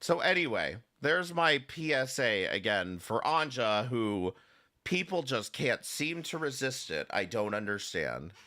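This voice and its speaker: A man's voice: medium pitch, very animated, measured pace, sharp tone. A man hosting a live commentary stream, talking casually and sarcastically, greeting chatters by name and rambling with restarts and swearing. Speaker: livestream commentary host.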